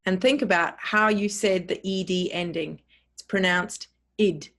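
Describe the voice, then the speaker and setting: Slow, careful woman teaching pronunciation. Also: lowish voice, fairly even intonation, fairly bright tone. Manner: careful, repeats and spells words out.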